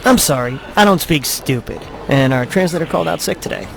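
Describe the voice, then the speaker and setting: An actor playing a rude, condescending game store clerk who delivers insults in a deadpan, mock-formal way. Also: male voice, on the high side, fairly quick, creaky. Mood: snidely formal.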